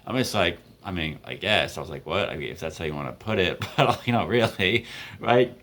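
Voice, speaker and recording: A man's voice: sits low, animated, fairly quick, a bit bright. A man in his twenties casually telling a story, rambling with many fillers and laughing between lines.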